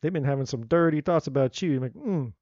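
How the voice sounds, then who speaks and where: A man giving a live tarot reading in a blunt, animated, slangy way. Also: on the high side, a little fast, dry recording, lo-fi sound. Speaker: tarot reader.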